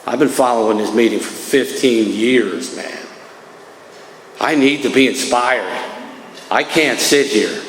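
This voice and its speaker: A man's voice: mid-range voice, a little slow, a bit bright. Conversational man in an echoey hall. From New Jersey. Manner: conversational, peppered with "man" and "right". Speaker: speaker at a recovery meeting. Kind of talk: personal testimony talk. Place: meeting hall. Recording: echoey hall, faint room noise.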